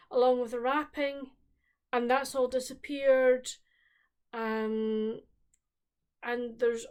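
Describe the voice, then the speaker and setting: A woman's voice: high voice, clean tone. Chatty woman discussing books. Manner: chatty, rambling with frequent restarts. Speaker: book vlogger. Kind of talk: casual book chat.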